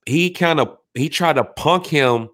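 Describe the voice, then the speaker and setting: A man hosting a show in casual chat, telling animated stories in heavy slang. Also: a little high, a little slow.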